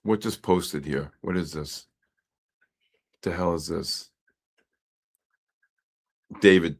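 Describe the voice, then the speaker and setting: A deep, gravelly voice with a breathy edge speaks slowly and pauses often. He's a New York trading livestream host, casually rambling and wisecracking while trading live, telling animated stories between market calls and aside-ing to chat.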